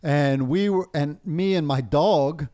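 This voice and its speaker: A man's voice: on the high side, slow, dark tone. A man from Pennsylvania hosting a podcast, telling a story in casual chat, swearing often and laughing through it. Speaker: podcast host.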